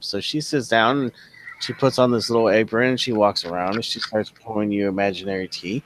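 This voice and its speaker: A man's voice: fairly low pitch, steady tone, fairly quick, fairly bright tone. A man narrating as dungeon master in a loose, casual way, with the odd swear word. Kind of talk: narrating a tabletop game.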